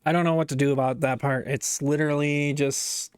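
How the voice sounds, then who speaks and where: A man's voice: fairly high pitch, level tone, a little fast, clean tone, no echo, studio quality. A man live-streaming as he builds a model set, talking casually and muttering to himself, often swearing and breaking off mid-sentence. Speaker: livestreamer.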